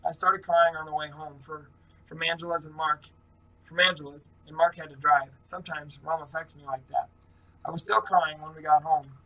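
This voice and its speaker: A man reading a first-person novel aloud in a steady, plain manner, with small slips. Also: fairly high pitch, moderate pace, far from the mic, low-quality recording. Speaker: reader.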